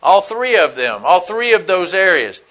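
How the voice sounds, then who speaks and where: A man's voice: high-pitched, sing-song, normal speed, pushed and bright. A man preaching a conversational sermon in a casual, plain-spoken way, with frequent "you know" fillers.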